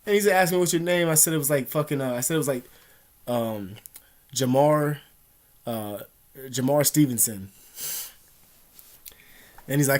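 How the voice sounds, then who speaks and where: A man's voice: medium pitch, normal speed, pauses often. A young man vlogging, telling a rambling, agitated story with constant swearing. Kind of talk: casual storytelling to camera.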